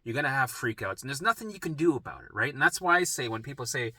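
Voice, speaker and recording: A man's voice: mid-range voice, animated, quick pace, bright, forceful tone, slightly rough, dry recording. A man talking straight to camera as a recovery coach, blunt and swearing, acting out panicked thoughts and often tagging sentences with "right?". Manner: keeps asking "right?". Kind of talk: direct-to-camera talk.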